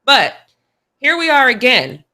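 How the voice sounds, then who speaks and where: A woman's voice: high-pitched, sing-song, a little slow, sharp tone. A woman co-hosting a sports talk show, giving her opinions in casual, emphatic chat. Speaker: podcast co-host.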